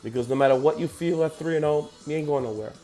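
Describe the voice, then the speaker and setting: A man's voice: fairly high pitch, fast, mellow, faint music behind. A man hosting a sports podcast, ranting heatedly and profanely about football results.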